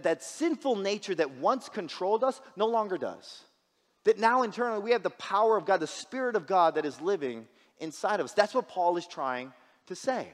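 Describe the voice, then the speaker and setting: Lively, joking male pastor preaching. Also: high-pitched, big-room sound. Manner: casual and joking, with many restarts. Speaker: pastor, guest speaker. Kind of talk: sermon. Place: church sanctuary.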